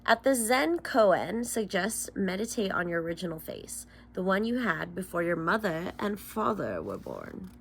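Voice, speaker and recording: A woman's voice: on the low side, sing-song, normal speed, gravelly, a little hiss or hum. Young woman, tarot reader, casual vlog, swears and laughs between solemn card readings.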